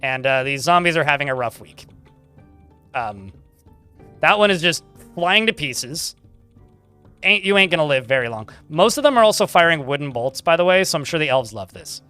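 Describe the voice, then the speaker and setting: A man talks through his game in a loose, chatty way, with frequent laughs and a bit of swearing. His voice sits a little high and bright, and it moves lively up and down. Faint music plays behind him. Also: moderate pace, smooth. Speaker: streamer playing a game. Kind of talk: casual gameplay commentary.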